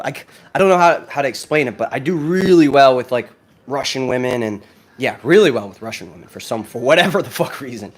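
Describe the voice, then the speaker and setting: A brash young American man talking casually into his phone, profane and excitable as he answers viewer questions. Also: mid-range voice. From United States. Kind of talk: casual vlog talk.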